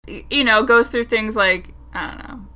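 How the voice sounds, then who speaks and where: A woman's voice: fairly high pitch, moderate pace, sharp tone. A woman co-hosting a casual podcast chat, laughing often and talking in loose, hedging run-on sentences. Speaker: podcast co-host.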